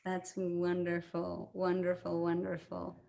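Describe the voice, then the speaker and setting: A woman leading a meditation group, speaking in a slow, soothing and affirming way as she responds to participants. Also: lowish voice, completely flat delivery, gravelly, mellow. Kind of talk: gentle guided group sharing.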